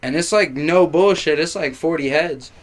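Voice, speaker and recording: A young man with a slightly high voice tells a rowdy story in relaxed conversation. He swears freely and acts out the people he quotes. His voice swings from loud bursts to quiet asides. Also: moderate pace. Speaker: guest. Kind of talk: casual chat.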